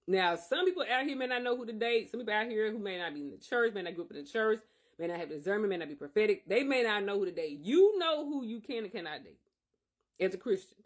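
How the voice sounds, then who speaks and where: A man's voice: high-pitched, moderate pace. Earnest man giving a faith testimony. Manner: earnest, emphatic, circling back with repeated phrases. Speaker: podcast host. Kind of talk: personal faith testimony monologue.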